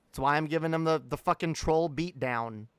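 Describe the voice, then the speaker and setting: A man's voice: fairly high pitch, moderate pace, fairly bright tone, smooth, no room sound. A man streaming, ranting heatedly and swearing a lot. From Canada. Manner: heated, profane, repetitive. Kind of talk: ranting livestream talk.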